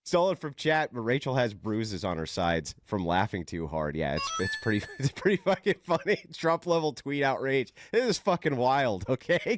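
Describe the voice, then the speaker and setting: Man hosting a stream, mocks posts with lively, swinging pitch and lots of cursing; dry close sound. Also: normal speed, few pauses, no room sound. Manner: mocking, profane, laughing often. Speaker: livestream host. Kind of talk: profane livestream commentary reading posts.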